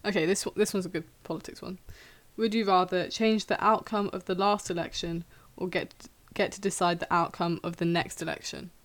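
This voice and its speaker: A woman's voice: on the low side, fairly even intonation, a little fast, few pauses. A woman leading a casual chat, asking her friends questions and laughing often. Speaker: podcast host asking questions.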